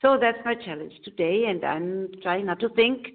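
A woman calling from Germany who shares a personal testimony in a meeting, halting and repeating phrases as she searches for words. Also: mid-range voice, animated. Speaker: meeting attendee sharing. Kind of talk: personal testimony on a phone call. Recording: tinny phone line.

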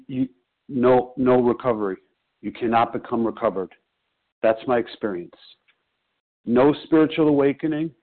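Man on a phone-call meeting, firm and insistent, repeats his points hard, thin telephone sound. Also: mid-range voice. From Chicago. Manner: emphatic, repetitive, preaching conviction. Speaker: twelve-step meeting member sharing. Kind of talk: personal share on a phone meeting. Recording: tinny phone line.

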